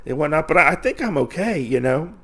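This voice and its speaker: An earnest young rabbit samurai, voiced by a man retelling a comic, speaking a bit higher than his own voice with a gravelly edge. The lines come out casual and loosely paraphrased rather than fully acted. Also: animated, a little fast, a bit bright, heavily acted.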